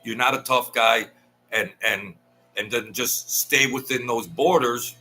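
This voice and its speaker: Animated storytelling man, bright tense voice. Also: medium pitch, measured pace, slight background noise. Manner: animated, rambling, acts out quoted voices, repeats himself. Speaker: host telling stories from mob life. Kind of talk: casual storytelling monologue. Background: lawnmower outside.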